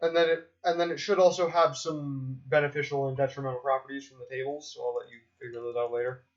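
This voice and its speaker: A man's voice: mid-range voice, level tone, quick pace, highs cut off. A man playing in a tabletop game who talks carefully and asks questions. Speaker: player. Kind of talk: tabletop role-play.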